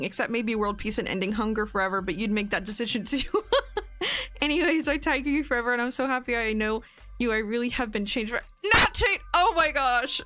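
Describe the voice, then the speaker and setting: A woman's voice: a little high, a bit bright. A woman in her twenties, streaming casually and reading out birthday messages, giggling and getting emotional as she goes. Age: 20s. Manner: giggly and emotional, laughing often.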